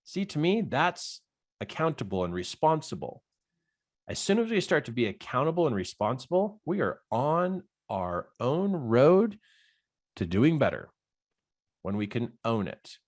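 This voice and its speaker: Animated male life coach. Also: medium pitch, unhurried. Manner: animated, acts out inner voices, laughs often. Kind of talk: motivational coaching talk.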